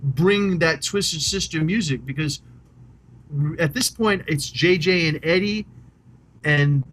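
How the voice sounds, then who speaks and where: A middle-aged man talks rock music on a podcast. His voice sits a little high, and he rambles with eager, loose energy, dropping casual swears as he goes. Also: takes it slowly, fairly bright tone. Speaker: podcast co-host.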